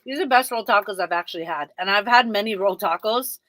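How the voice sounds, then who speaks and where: A woman's voice: medium pitch, quick pace, fairly bright tone, no echo. A woman co-hosting a casual livestream, chatty and playful. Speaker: radio co-host.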